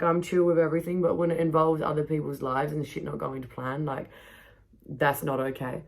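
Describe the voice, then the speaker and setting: A woman's voice: low-pitched, level tone, a little fast, creaky. A woman hosting a podcast, telling travel stories casually, swearing freely and laughing often. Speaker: podcast host. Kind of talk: casual storytelling monologue. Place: backyard.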